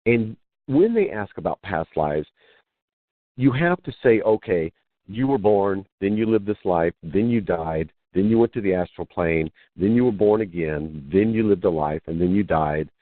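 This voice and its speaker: A man's voice: low voice, moderate pace, no echo. A man, a guest on a call-in radio show, telling stories and acting out the dialogue in them. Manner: animated storyteller, acts out quoted dialogue. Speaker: interview guest, spiritual teacher. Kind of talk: storytelling in a call-in radio interview. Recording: phone line, dry.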